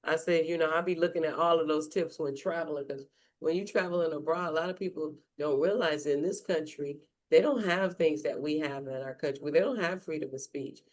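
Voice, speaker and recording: A man with a Detroit accent hosting a podcast in casual chat over a video call, backing the guest with quick affirmations and laughing along. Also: a little high. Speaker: podcast host.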